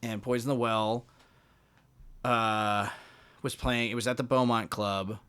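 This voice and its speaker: Bright-voiced man telling stories. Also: medium pitch, slow, clean tone. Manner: animated, acts out quoted dialogue. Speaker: podcast guest, musician. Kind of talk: casual storytelling.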